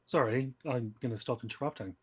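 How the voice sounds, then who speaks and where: A man's voice: medium pitch, a little fast, breathy edge. A man player joking and stumbling over his words while role-playing in a tabletop game. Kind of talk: in-character tabletop role-play.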